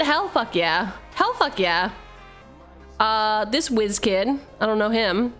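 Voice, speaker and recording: Animated, swearing woman streamer. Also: mid-range voice, slow pace, faint music behind. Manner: animated, chatty, swears freely, laughs often. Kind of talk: casual livestream chat while opening card packs.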